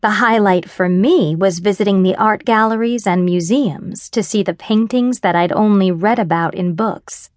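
A woman's voice: medium pitch, normal speed, hardly any pauses, darkish tone, no echo, studio quality. A woman narrating a romance audiobook in the first person, wry and confiding. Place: dry studio booth. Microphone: close studio mic.

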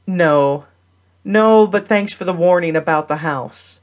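A woman voicing a flustered, excitable single mother in a romance audiobook. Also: on the low side, takes it slowly. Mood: rueful. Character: flustered single-mom woman, quick to laugh.

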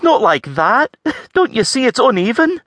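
A male audiobook narrator voicing a sharp-tongued young Scottish woman with a high, light voice and a prickly, critical manner. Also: very animated, moderate pace, no echo, studio quality, full character voice. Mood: indignant.

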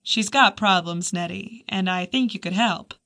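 A dry, wry heroine, as a woman narrator reads her in a mid-pitched, even voice close to the reader's own. She teases her friend in easy banter. It is an audiobook reading. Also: measured pace.

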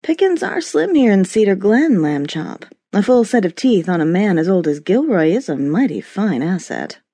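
A woman narrator voicing a sultry, teasing middle-aged woman friend in an audiobook, speaking low and slow. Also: sing-song, warm tone, breathy edge, no echo, studio quality. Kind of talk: audiobook character voice.

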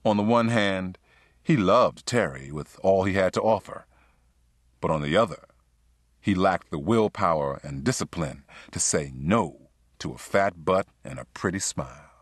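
A man reads scripted audiobook narration in a smooth, expressive storytelling style. His voice sits low, and the studio-quality recording has no echo.

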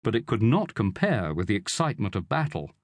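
A male audiobook narrator reading a historical story with measured, expressive delivery. His voice is lowish and lively in pitch, recorded close and dry with no room sound. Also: no room sound. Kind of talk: scripted narration.

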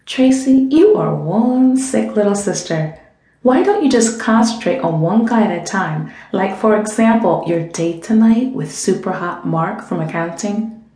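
A woman's voice: medium pitch, animated, unhurried, warm tone, close to an everyday voice. A woman voicing a playful, teasing young female friend in an audiobook. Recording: roomy echo.

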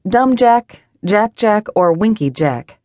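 A woman's voice: mid-range voice, expressive, takes it slowly, mellow, no echo, voice pushed up. A woman voicing a dry, sardonic office coworker. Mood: dry, teasing. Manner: dry, wry delivery.

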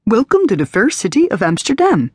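A woman's voice: a little high, wildly swooping pitch, fairly quick, breathy edge, dry recording, studio quality, voice pushed up, exaggerated voice. A woman voicing a tall, gracious Dutch docking agent, formal and polite, with a heavy Dutch accent rounded on the vowels, in an audiobook. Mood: courteous. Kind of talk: audiobook character voice.

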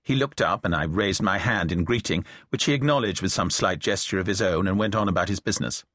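A guy narrates an audiobook in a low, husky voice, reading a novel a little fast and voicing characters lightly. His storytelling is dry and wry, with lively intonation. A close studio mic in a dry booth gives a recording with no echo.

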